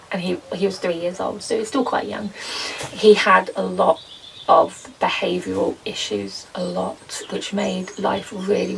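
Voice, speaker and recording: Young female garden vlogger, very gravelly low-fry voice, a bit off-mic, faint room noise, chatty and rambling. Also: distant mic, low-quality recording. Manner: chatty, rambling, lots of ums and soft laughs. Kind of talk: casual chat to camera. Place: garden potting shed.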